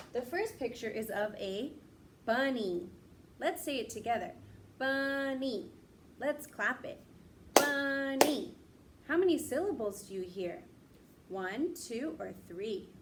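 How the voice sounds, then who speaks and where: Slow, patient woman teaching young kids. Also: a little high, noisy background. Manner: patient, encouraging, stretches out words. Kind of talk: slow, clear lesson for young children.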